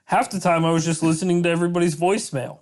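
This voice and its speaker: A man's voice: a little high, little pitch movement, very fast, a little mellow. A man co-hosting a podcast, telling crude work stories in casual chat. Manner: storytelling, crude joking. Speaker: podcast co-host. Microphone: studio microphone.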